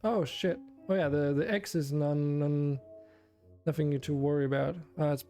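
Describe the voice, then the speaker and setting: A man's voice: a little high, fairly even intonation, moderate pace, mellow, faint music behind. A man streaming a game, chatting casually with viewers in a chatty, self-deprecating way and laughing often. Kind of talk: casual live-stream chat.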